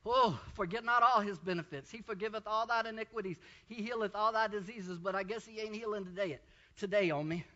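A male preacher delivering a fervent sermon, often breaking into shouts of praise. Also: sits high, a little fast, lo-fi sound. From Texas.

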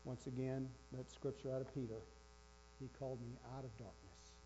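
A man's voice: mid-range voice, fairly even intonation, moderate pace, dark tone. A man preaching a sermon with emphasis, repeating his key phrases. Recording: dull lo-fi with faint electrical hum.

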